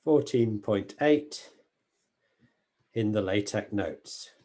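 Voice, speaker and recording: A male university lecturer talks through a mathematics lecture with a mellow, warm tone. He explains carefully, correcting himself and filling pauses with small hesitations. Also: lowish voice, expressive. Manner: careful, self-correcting explanations with frequent fillers.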